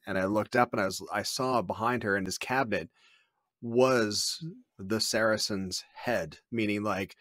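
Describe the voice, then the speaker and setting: A man's voice: fairly low pitch, a bit bright, no echo, clean studio sound. A man, a podcast guest, telling wry, self-mocking stories in casual chat. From Canada.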